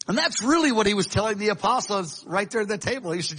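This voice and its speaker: A man's voice: sits high, quick pace, hardly any pauses, a bit bright, breathy edge, low-quality recording. A man preaching a sermon in a conversational way, with restarts and acted-out quotes. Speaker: pastor. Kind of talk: sermon teaching.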